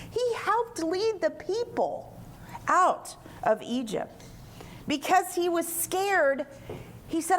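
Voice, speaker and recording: Lively woman teaching at a retreat. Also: very high-pitched, slow, a little hiss or hum. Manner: lively, colloquial storytelling. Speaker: retreat speaker. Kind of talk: informal Bible teaching.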